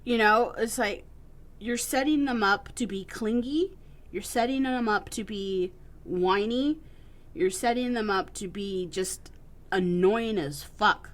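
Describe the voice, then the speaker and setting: A woman's voice: mid-range voice, slow. A young woman co-hosting a podcast in casual chat, blunt and swearing freely, who likes to mimic whiny children. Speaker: podcast co-host.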